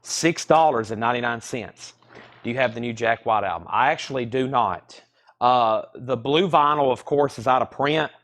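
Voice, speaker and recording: Guy selling records on a live stream, mid pitch, reels off lists and prices in a chatty way. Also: moderate pace, fairly bright tone. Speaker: live sale host. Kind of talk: live-stream sales patter. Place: record store.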